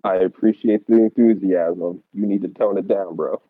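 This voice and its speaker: A very deep-voiced man playing his character in a tabletop game and giving orders in a dry, commanding manner. The sound is thin and tinny, like a phone line. It is dry, with no room sound. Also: fairly even intonation, moderate pace, husky, no echo. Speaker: player.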